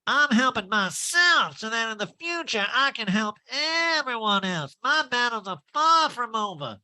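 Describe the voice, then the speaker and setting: A man's voice: very high voice, big pitch swings, a little slow, bright, forceful tone, pitched above the performer's own voice, full character voice, rough recording. A man doing a mocking impression of a cold, self-serving woman, with a stuffed-up nasal voice. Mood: haughty.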